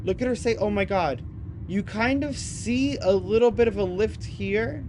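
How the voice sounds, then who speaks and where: A man hosting a compilation, giving excited casual commentary over video clips and calling the viewers "y'all". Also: high voice, normal speed, noisy background. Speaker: compilation host.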